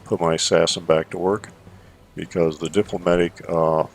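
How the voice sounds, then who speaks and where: A man giving measured strategy gameplay commentary into a desk microphone, thinking aloud with fillers as he plays. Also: sits low, level tone, creaky, a little hiss or hum.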